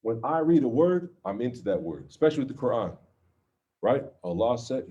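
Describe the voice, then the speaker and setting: A man's voice: medium pitch, sing-song, a little fast, dark tone, dull audio. A man teaching an informal religious class, talking conversationally and checking in with his listeners with "okay?" and "right?". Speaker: Islamic teacher.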